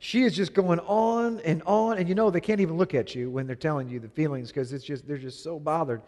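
A middle-aged man preaching to a congregation, with a fairly high voice for a man. He tells stories in an animated way and acts out both sides of an argument. His voice rings with the long reverb of a large hall. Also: brisk. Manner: animated storytelling, acting out both sides of a quarrel. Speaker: pastor. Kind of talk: sermon.

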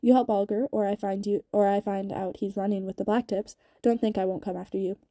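A cold young gang boss with a gravelly rasp, as a woman reads him aloud from a novel. He taunts quietly and deliberately, his voice dark and muffled, and the words come quickly. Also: high-pitched, steady tone, no echo. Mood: threatening.

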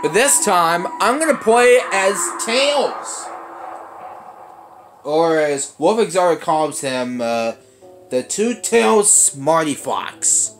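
Young guy doing game commentary, voice swings all over, slowish talk, gets super panicky and shouty. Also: soft background music. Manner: excitable, bursts into panicked high shouts. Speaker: gaming channel host. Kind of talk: let's play commentary.

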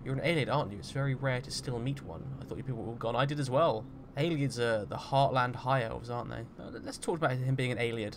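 Man, roleplay game commentary, chatty and jokey, mid-pitched voice. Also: fast talker, few pauses, background noise. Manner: chatty and jokey, gets loud and jumpy when startled. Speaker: gaming roleplay host. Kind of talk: roleplay let's-play commentary.

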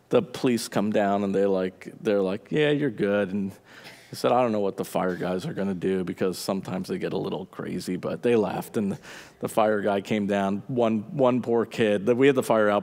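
A male pastor preaching a sermon, telling a story with lively energy and laughing at himself. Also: mid-range voice, vocal fry. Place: church auditorium. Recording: church hall reverb.

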